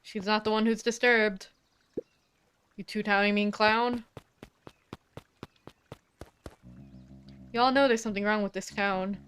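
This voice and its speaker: A woman's voice: medium pitch, fairly even intonation, normal speed, a bit bright, a little hiss or hum, lightly acted. A woman reading a defiant desperate whistleblower. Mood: pleading defiance. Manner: urgent, pleading, stumbling over words. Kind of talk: game dialogue read aloud.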